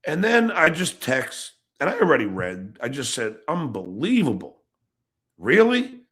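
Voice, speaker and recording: A middle-aged man hosting his own podcast, ranting angrily and profanely, jumping between shouts and low mutters. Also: sing-song, normal speed. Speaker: podcast host. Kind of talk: angry ranting monologue.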